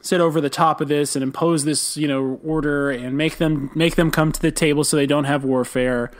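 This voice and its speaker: A man with a slightly high voice co-hosts a podcast. He lays out his ideas at length in easy, casual talk, and slips in dry, wry asides. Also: steady tone, a little fast. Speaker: podcast co-host. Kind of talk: casual chat.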